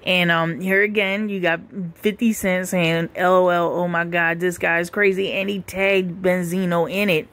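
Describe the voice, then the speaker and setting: A woman's voice: on the low side, flat delivery, measured pace, hardly any pauses, a bit bright. A woman hosting a gossip show, casually commenting and reading comments aloud in a laid-back, profane way.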